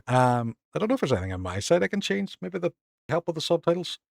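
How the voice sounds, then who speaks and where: A man from Northern Ireland streams a game live, chatting loosely with viewers and thanking them, excitable and quick to poke fun at himself. His voice is fairly high, fast, and gravelly, recorded at studio quality with no echo.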